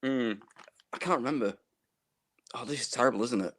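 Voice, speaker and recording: Fast-talking flustered male caller. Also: medium pitch, fairly bright tone. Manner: flustered, apologetic, laughing. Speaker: caller to the quiz. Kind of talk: casual chat.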